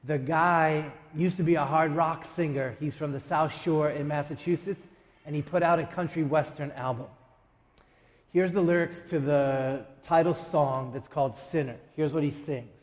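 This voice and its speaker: A man preaching a sermon as a pastor, emphatic, with dramatic pauses and quick asides. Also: fairly high pitch, fairly even intonation, long reverb tail. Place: church sanctuary.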